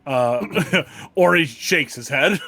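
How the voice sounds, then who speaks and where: A man's voice: on the high side, animated, slow pace, sharp tone, dry recording. A man playing a tabletop game, rambling and filling his talk with "like". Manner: rambling, full of "like". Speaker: player. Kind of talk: casual tabletop play.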